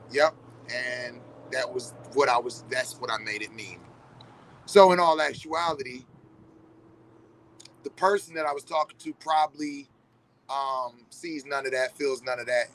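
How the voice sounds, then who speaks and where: A man's voice: mid-range voice, fairly bright tone, low-quality recording. Man, casual vlog monologue, talks to viewers, profane, faint background noise. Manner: conversational, addresses viewers directly, profane. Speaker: vlogger.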